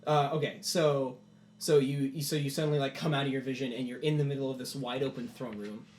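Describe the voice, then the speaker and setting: A man narrating a tabletop game as game master, in animated storytelling. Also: medium pitch, fairly quick, reverberant. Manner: animated storytelling, many "like" fillers.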